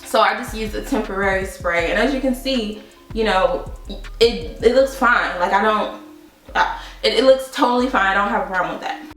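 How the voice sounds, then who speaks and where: A woman's voice: medium pitch, moderate pace. Chatty young woman vlogger in echoey room. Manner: animated storytelling with laughs, addresses viewers as "you guys". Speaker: beauty vlogger. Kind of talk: casual chatty product review. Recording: roomy, distant mic with faint music.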